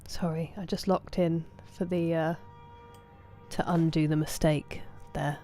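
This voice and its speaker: A woman, casually chatting with viewers on a game stream, thanking them by name and sometimes dropping to soft murmurs. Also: low voice, steady tone, a little slow, soft background music. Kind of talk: casual livestream chat.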